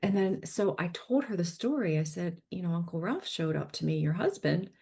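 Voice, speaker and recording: A woman's voice: fairly low pitch, normal speed, gravelly, breathy edge. A woman telling a personal story as a podcast guest, acting out the people she quotes and dropping to a whisper at tense moments. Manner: animated storyteller, acts out quoted voices, drops to a whisper.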